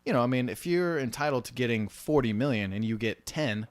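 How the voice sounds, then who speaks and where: A man speaks at a middle pitch and chats casually about the movie business. He tells his stories in an animated way, often breaking into voices for the people he quotes. The sound is dry and close. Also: fairly quick, no room sound. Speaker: podcast co-host.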